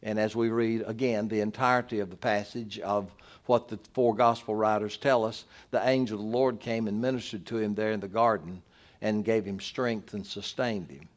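A man preaching a communion sermon as pastor, emphatic and building to forceful repeated declarations. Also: lowish voice, steady tone, moderate pace.

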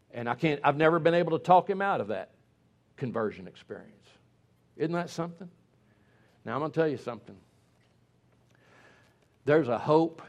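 A middle-aged man delivers a sermon. His voice sits at an ordinary pitch for a man. He preaches with emphasis, repeating words to drive each point home.

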